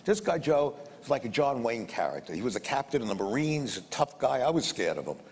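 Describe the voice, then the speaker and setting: An older man spins a long business anecdote in a blunt, wandering way, circling back and repeating himself. His voice sits at an ordinary middle pitch. The recording has a long, roomy echo and a faint hum of background noise behind him. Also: big pitch swings, brisk, a little mellow. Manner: blunt, rambling, repeats words, mild swearing. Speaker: businessman telling a story. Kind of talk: anecdotal storytelling.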